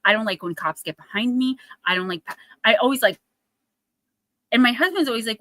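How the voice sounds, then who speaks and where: Woman, live stream reader, casual chat, bright tone, close dry mic. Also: fairly high pitch, fairly quick, no room sound, rough recording. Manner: chatty storytelling, acts out quotes in a raised voice. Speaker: oracle card reader and livestream host.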